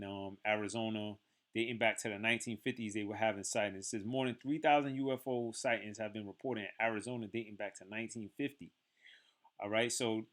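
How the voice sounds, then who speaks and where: A man's voice: mid-range voice, a bit bright. A man teaching from the Bible in a loose, conversational way, full of fillers and restarts.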